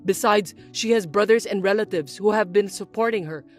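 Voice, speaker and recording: Patient husband and son type, voiced for a drama, lower steady voice, explains firmly. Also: a little fast, soft background music, close to an everyday voice. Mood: reasoning. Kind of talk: dubbed drama acting.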